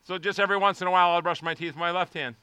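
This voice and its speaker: A male pastor preaching with a high, bright, clear voice. He swings between hushed prayer and shouted appeals. The sound is dry and close, with no room echo. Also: steady tone, racing. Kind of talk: sermon.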